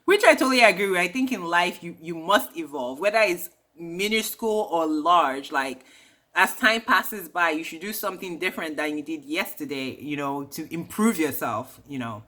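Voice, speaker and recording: A woman's voice: fairly low pitch, animated, normal speed, fairly bright tone. A woman casually recapping a reality show, chatty and slangy, dropping opinionated asides.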